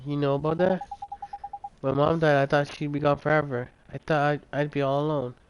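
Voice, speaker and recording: A man voicing an earnest young boy in a game, soft-spoken and sincere, his pitch a little raised. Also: flat delivery, brisk, slight background noise, close to an everyday voice, rough recording.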